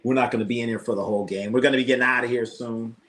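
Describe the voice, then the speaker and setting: A man's voice: mid-range voice, rapid-fire. A man hosting a casual live sports stream, ranting with lots of swearing and reading chat comments aloud. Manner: profane, animated ranting. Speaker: sports livestream host.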